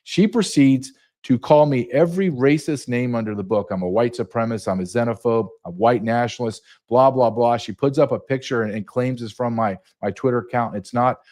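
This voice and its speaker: Man, middle-aged, podcast guest, indignant, emphatic, mid-pitched voice. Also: brisk, few pauses, a little mellow. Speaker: guest, retired border patrol agent. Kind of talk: heated podcast interview.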